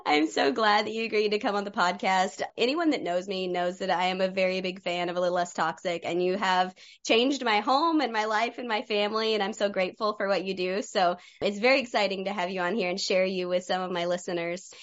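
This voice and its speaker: A woman's voice: medium pitch, fairly even intonation, a little fast, few pauses, lo-fi sound. A woman hosting a podcast, chatting casually and enthusiastically with a guest. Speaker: podcast host. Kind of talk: casual interview chat.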